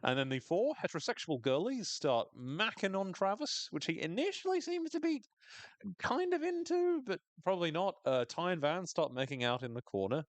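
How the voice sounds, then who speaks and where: A man's voice: high voice, big pitch swings, normal speed, dry recording. A man hosting a podcast, recapping a TV episode in casual chat, swearing freely and acting out characters' lines in funny voices.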